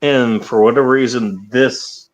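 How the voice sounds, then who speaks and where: A man's voice: medium pitch, measured pace. A man hosting a casual livestream chat, rambling and swearing freely, with hiccups. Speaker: podcast host.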